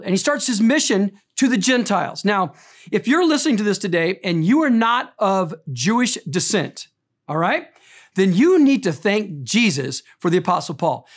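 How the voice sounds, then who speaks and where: A middle-aged man preaching a sermon as a pastor, telling stories earnestly and emphatically, rising in intensity and dropping to quiet tenderness. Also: high voice.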